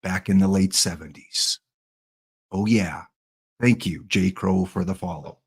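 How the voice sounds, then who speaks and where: A man's voice: low voice, measured pace, creaky, slightly rough. A Canadian man in his fifties, a game streamer chatting casually and jokily with his viewers. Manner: rambling, jokey, talks to chat. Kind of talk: casual live-stream chat.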